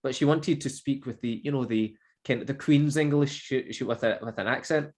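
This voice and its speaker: A man with a mid-pitched voice tells stories in a casual chat. He is an online English teacher, animated and laughing as he acts out what people said. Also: fairly quick. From Scotland.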